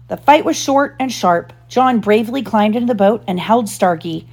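A woman's voice: mid-range voice, moderate pace, breathy edge. Mother reading a storybook aloud. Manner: expressive, gentle questions to child. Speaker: parent reading aloud to her child.

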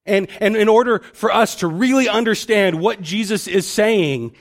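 A man's voice: high voice, moderate pace. A male pastor giving a conversational sermon, often restarting and repeating words as he thinks aloud.

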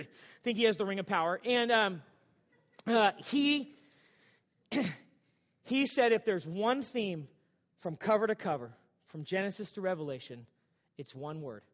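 A man's voice: high-pitched, a bit bright, long reverb tail. A male pastor preaching a sermon in a church sanctuary, in a casual, joking, conversational way.

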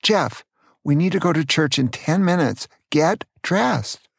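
An older man voicing a mother of a small boy, strict but loving, in a gravelly voice. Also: on the high side, animated, a little slow, no echo, studio quality, heavily acted. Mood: angry. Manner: stern then apologetic.

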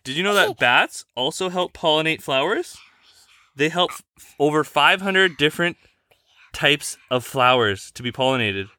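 A woman hosts a casual podcast with a child, her voice low but lively as it rises and falls. She has a bright, crisp tone and speaks in a patient, coaxing, teacherly way. The sound is dry and close on a desk microphone. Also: normal speed, no echo. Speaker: podcast host.

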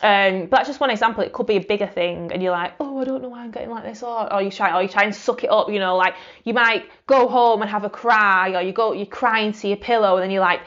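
A woman's voice: mid-range voice, fairly even intonation, fast talker, hardly any pauses, a bit bright, highs cut off. A woman hosting a solo podcast, talking reflectively and conversationally with lots of fillers and restarts. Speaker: podcast host.

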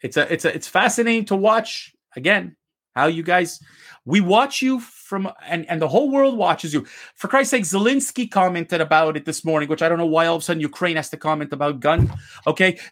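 A man's voice: on the high side, a little fast, a bit bright. A man from Canada, co-hosting a heated debate, ranting passionately and swearing. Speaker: co-host.

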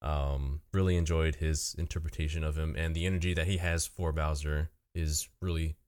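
A man with a very low voice talks casually as a podcast guest. He rambles, stutters and restarts his sentences often as he gives his thoughts. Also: level tone, normal speed, darkish tone. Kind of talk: casual chat.

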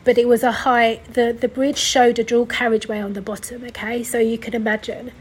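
A young woman tells her own story on her podcast, her voice a little high and breathy. She sounds tearful, sighing often and rambling, with many restarts and corrections. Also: level tone, fairly quick, poor audio. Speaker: podcast host. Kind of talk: personal storytelling.

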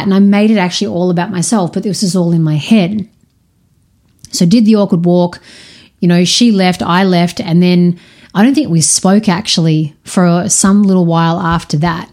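Frank, swearing woman with a low, mellow voice. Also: normal speed. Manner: frank, swears freely, many restarts. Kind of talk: candid personal storytelling.

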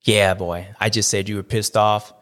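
This supercross recap show host has a voice on the low side, a bit bright, with a flat delivery at a moderate pace. Still, he offers animated casual commentary, riffing in playful slang and repeating his catchphrases.

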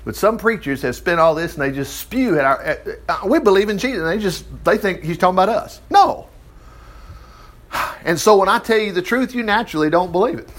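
A man preaching a sermon, reading scripture and commenting with animated exclamations. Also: high-pitched, fast, hardly any pauses. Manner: animated, exclaiming and chuckling between verses. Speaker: preacher teaching from the Bible.

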